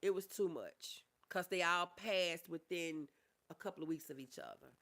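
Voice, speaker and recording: Middle-aged woman streamer, chatty and affectionate with viewers, open and gentle about loss. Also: fairly low pitch, moderate pace. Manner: reads viewer comments aloud and answers them warmly; calls listeners honey and y'all. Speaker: livestreamer. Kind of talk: casual livestream chat.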